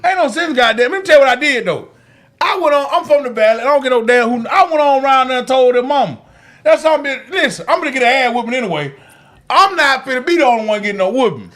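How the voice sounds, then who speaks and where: A man co-hosting a podcast, telling profane, animated childhood stories in casual chat. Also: very high-pitched, fast talker. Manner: animated, profane storytelling with frequent restarts and laughter. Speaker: podcast co-host.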